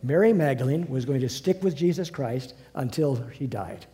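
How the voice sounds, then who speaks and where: A man preaching a sermon, earnest and halting, often breaking off and restarting his sentences. His voice is mellow and dark, and it rings with the long reverb of a large hall. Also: mid-range voice, lively intonation, vocal fry, soft background music. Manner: earnest, halting, many restarts, drops to soft asides.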